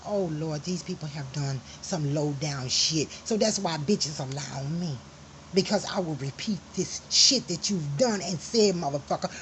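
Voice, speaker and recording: A woman's voice: deep voice, unhurried, a little hiss or hum, poor audio. A woman telling a family story in an angry personal monologue, profane and emphatic, flaring into heated outbursts.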